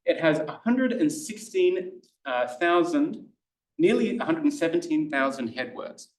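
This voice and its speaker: A man's voice: on the high side, animated, measured pace. Australian man lecturing, roomy and distant. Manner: chatty, hesitant, many fillers and restarts. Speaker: Greek tutor giving a lecture. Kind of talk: informal lecture.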